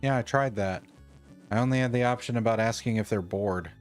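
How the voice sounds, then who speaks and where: A man's voice: on the low side, brisk, clean tone, soft background music. A man playing through a game, reading its text dramatically and joking in asides. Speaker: gamer. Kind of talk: game let's-play commentary and reading.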